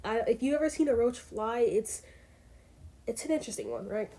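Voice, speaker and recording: A woman's voice: a little high, very animated, brisk, mellow. Chatty teenage girl telling a story. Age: teens. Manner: chatty, rambling, full of fillers and asides. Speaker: vlogger. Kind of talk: casual storytime vlog.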